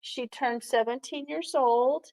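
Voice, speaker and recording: Heartfelt woman, higher voice. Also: fairly even intonation, takes it slowly, a little mellow, poor audio. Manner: heartfelt, acts out the voices in the story. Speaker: podcast host. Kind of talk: personal storytelling.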